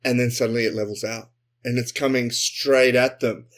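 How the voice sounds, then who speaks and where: A man co-hosting a comedy podcast, improvising a sci-fi story and jumping into quick character voices. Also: medium pitch. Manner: animated, acts out characters in quick bursts. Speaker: podcast co-host.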